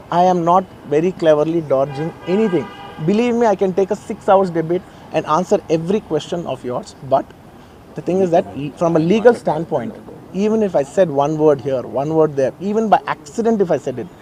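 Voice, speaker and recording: A man with an Indian English accent speaks quickly and earnestly in a press statement, repeating phrases to press his point. His voice sits a little high but sounds mellow and warm. Faint outdoor traffic hums behind him in a garden. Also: animated. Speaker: film actor giving a press statement.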